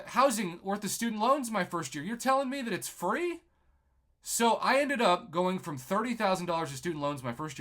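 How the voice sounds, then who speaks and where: Man, young adult, from New Mexico, personal storytelling, bright tense voice, animated, acts out quoted dialogue. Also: medium pitch. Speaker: YouTuber telling his life story.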